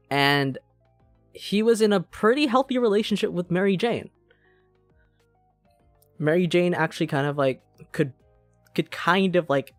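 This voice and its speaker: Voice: mid-range voice, no echo. A streamer in casual game-stream chat, rambling, swearing and cutting themselves off mid-thought. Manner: rambling, profane, self-interrupting.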